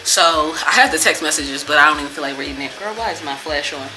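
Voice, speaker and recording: A woman's voice: deep voice, fast, over music. A young woman vlogger talking casually and venting, with a lot of profanity and frustration.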